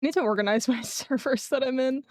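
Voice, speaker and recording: A woman's voice: high voice, quick pace, dry recording, studio quality. Throaty young woman streamer, chatty. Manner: chatty and self-mocking, clears her throat often. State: voice slightly off and throaty after eating. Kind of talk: casual live-stream chat.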